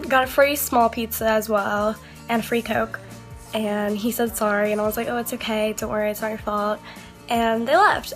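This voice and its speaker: A young woman vlogger telling a story in a chatty, swearing way, acting out both sides of her phone calls. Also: fairly high pitch. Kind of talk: casual storytime vlog.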